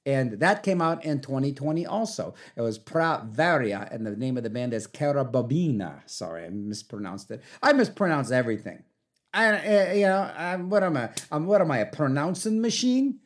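Rambling, lively-voiced college radio DJ man. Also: mid-range voice, normal speed. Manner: rambling, self-mocking, lots of fillers. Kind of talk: casual radio back-announcing.

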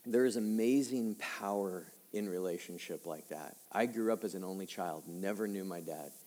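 A male pastor in his fifties preaching a personal-story sermon conversationally, dropping quiet and slow for heavy moments and rising for emphasis. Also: sits low. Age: 50s. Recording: long hall reverb.

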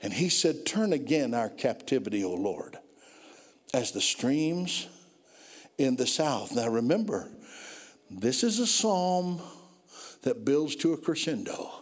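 Preacher in a reverberant church hall. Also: male voice, sing-song, slow pace, pauses often. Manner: storytelling preacher, building from low murmurs to loud climaxes. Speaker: pastor. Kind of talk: sermon.

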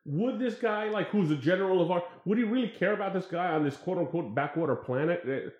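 A man's voice: high-pitched, fast, a little mellow, echoey room, dull audio. Hesitant man riffing on films. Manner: hesitant, restarts, swears casually. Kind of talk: casual chat about films.

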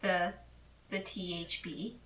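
A woman with a bright, forceful voice chats casually on a fan podcast, teasing her co-host and laughing often. She sits a little back from the microphone, so her voice sounds slightly distant. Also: on the low side, fairly even intonation, slow pace.

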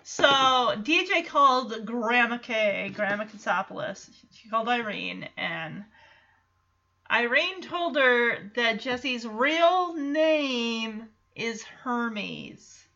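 A woman hosting a podcast, recapping an episode in a chatty, animated way. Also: on the high side, very slow, muffled recording. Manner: chatty, animated, acts out quotes. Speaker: podcast host.

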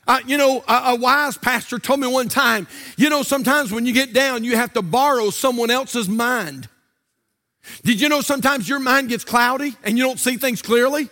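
A middle-aged Southern preacher with a strikingly high, bright, ringing voice. He delivers an impassioned sermon in a sing-song cadence, climbing to shouts, and his words trail off into the long reverb of a church sanctuary. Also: moderate pace. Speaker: pastor.

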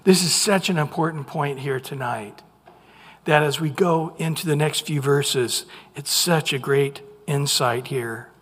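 A pastor delivers a sermon in an animated, questioning style and often restarts phrases. The voice is husky and a little breathy. A long reverb trails each phrase, as in a large hall. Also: mid-range voice, measured pace.

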